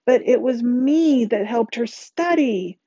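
A woman's voice: fairly high pitch, lively intonation, slow pace, dark tone, slightly rough, muffled recording, voice pushed up, heavily acted. A woman voicing an indignant schoolgirl who is outraged at being left out, drawn out and pleading.

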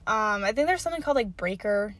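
A young woman hosting her own solo podcast, rambling and swearing freely, swinging between low mutters and loud yelling. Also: lively intonation, fast talker, no echo. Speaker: podcast host.

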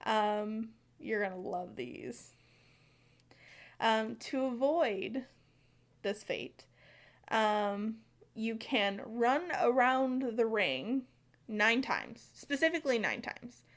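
A woman's voice: on the high side, animated, drawn-out words. An American woman co-hosting a podcast, chatting casually about folklore with lots of fillers and some stumbling. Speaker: podcast co-host.

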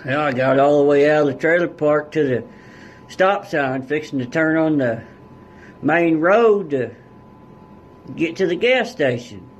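A man's voice: fairly high pitch, animated, unhurried, long pauses, highs cut off, a little hiss or hum. A man guest on a podcast telling a story in a casual, blunt way, with heavy swearing and rural turns of phrase. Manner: blunt and heavily profane, rural dialect.

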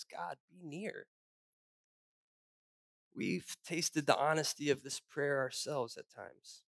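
A male pastor preaching a sermon, moving from personal stories to hushed, solemn reflection. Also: on the high side. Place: church.

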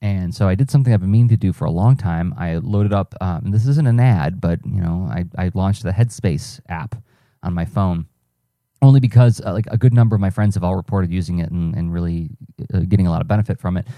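A man's voice: low-pitched, brisk, dark tone, no room sound. A man hosting a solo podcast, thinking aloud in a rambling, self-correcting, conversational way. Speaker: podcast host, cartoonist and teaching artist. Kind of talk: reflective solo podcast monologue.

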